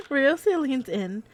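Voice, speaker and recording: Young female streamer, unhurried, high-pitched, flustered and giggly reading a romance game. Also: no room sound. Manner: flustered, giggly, reads narration softer and lower. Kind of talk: live game playthrough with read-aloud narration.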